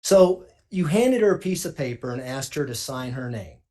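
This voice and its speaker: A man's voice: mid-range voice, expressive, normal speed, warm tone. A man cross-examining a witness in a courtroom as prosecutor, asking pointed, pressing questions.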